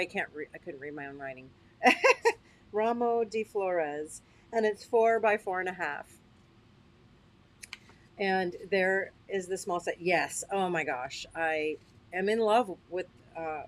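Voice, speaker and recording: A woman hosting a casual livestream, chatty and upbeat, who often checks in with her listeners and laughs at herself. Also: fairly low pitch. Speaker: host. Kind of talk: casual livestream product demo.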